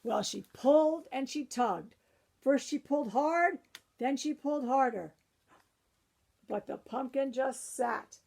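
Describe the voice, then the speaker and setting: A high-pitched woman reads a children's picture book aloud at an unhurried pace, her voice touched with a gravelly fry. She works as a librarian and keeps stopping for chatty asides to her young listeners. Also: a little mellow.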